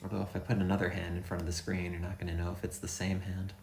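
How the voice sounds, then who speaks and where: A man's voice: low voice, monotone, quick pace, gravelly, a little mellow, slight background noise. A man streaming a game, rambling and thinking aloud with a self-deprecating, offhand manner. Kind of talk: casual let's-play commentary. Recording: echoey room sound.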